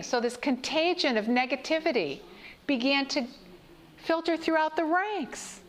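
A woman giving a sermon-style talk to a church audience, telling stories and asking her listeners questions. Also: high-pitched. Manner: storytelling, asks the audience questions. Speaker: speaker.

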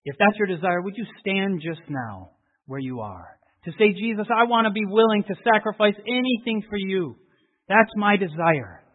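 A man preaching a sermon, telling a story and then making emotional appeals that swell and drop to hushed prayer. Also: sits high, lively intonation, moderate pace. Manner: emotional, rising to fervent appeals and dropping to hushed tones. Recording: tinny phone-like audio.

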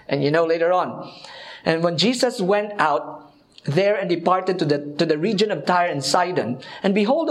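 A man preaching a sermon, calling his listeners friends, his voice swooping high and low and stretching words for emphasis. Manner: expressive, swoops between high and low pitch, drawn-out emphasis; reads quotes aloud and addresses listeners as friends.

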